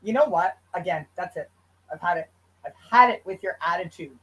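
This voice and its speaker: A woman's voice: on the low side, brisk, rough recording. An American woman co-hosting a casual livestream, swearing and griping about chat as she reads it. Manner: profane, exasperated, reads chat aloud. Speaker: co-host of a livestream.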